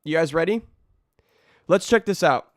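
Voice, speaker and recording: A hoarse young man chatting casually to a livestream audience, rambling and slangy, his voice nearly worn out. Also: on the high side, lively intonation, a little slow, no echo, studio quality. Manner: rambling, slangy, self-interrupting. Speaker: streamer.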